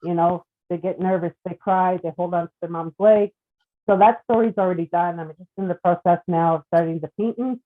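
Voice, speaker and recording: A woman in her forties, a children's book author, talking earnestly and warmly about her story in a casual group chat. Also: fairly low pitch, fairly even intonation, brisk. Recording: phone-like narrow sound.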